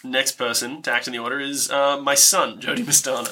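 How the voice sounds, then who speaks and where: Laughing bright-voiced man running a game. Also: medium pitch, little pitch movement, fairly quick. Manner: laughs often while describing action. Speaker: game master. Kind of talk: narrating a tabletop game.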